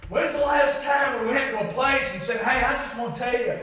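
A man preaching a sermon, shouting with fervor and then dropping to a low, soft voice. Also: a little fast, heavy reverb. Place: church sanctuary.

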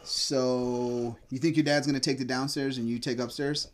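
A man's voice: medium pitch, flat delivery, normal speed. A man co-hosting a podcast who prods his friend for stories, teasing him and laughing often. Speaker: podcast co-host. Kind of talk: casual podcast chat.

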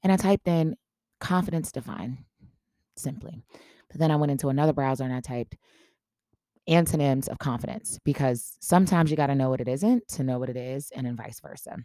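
A woman's voice: very deep voice, brisk, no echo, clean studio sound. A woman podcast host telling a casual story and acting out the dialogue in it. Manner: animated storyteller, acts out quoted dialogue.

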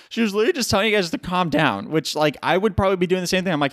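A man's voice: high-pitched, lively intonation, rapid-fire, hardly any pauses, a bit bright, dry recording, clean studio sound. A tired man hosting his own podcast, rambling loosely through casual chat and swearing now and then. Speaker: podcast host.

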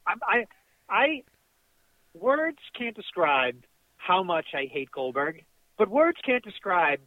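A man co-hosting a wrestling podcast in casual chat, ranting excitably with profanity, calling in from his car. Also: high-pitched, slow, no room sound. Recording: tinny dry phone line.

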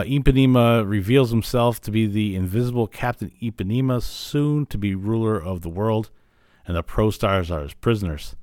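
A man with a lowish voice recaps an old cartoon for his podcast, rambling along with plenty of "uh"s and "like"s. He grew up in Illinois. The sound is dry and close, with almost no room around it. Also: no room sound. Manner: rambling, filler-heavy retelling. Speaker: podcast host. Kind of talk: casual recap of a cartoon episode.

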